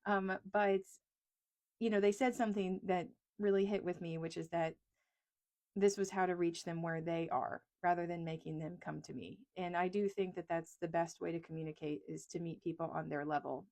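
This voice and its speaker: A woman's voice: on the low side, steady tone, moderate pace, darkish tone. A woman from East Texas, an economist, talking casually and frankly to camera, joking at her own expense, recorded in a small closet on a lapel mic. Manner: chatty, self-deprecating, frank. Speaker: economist and video creator. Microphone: lapel mic clipped on a pencil.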